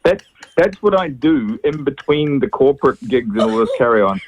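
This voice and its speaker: A New Zealand man, an impressionist comedian, chatting as a radio guest, lively and quick to laugh. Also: mid-range voice, slight background noise, low-quality recording. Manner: lively, animated storyteller, laughs easily. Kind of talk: casual radio chat. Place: radio studio.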